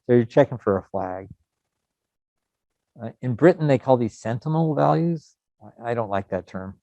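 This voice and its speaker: A middle-aged man from the United States teaching a programming lesson in a relaxed, rambling way with many fillers. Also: mid-range voice, moderate pace, no room sound. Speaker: programming instructor. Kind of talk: recorded coding lecture. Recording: dull lo-fi sound.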